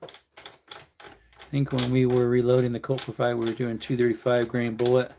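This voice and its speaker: A man's voice: medium pitch, monotone, moderate pace, dark tone, a little hiss or hum. A man hosting a casual live stream, joking and answering viewer comments while he hand-loads ammunition at his bench. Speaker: livestream host.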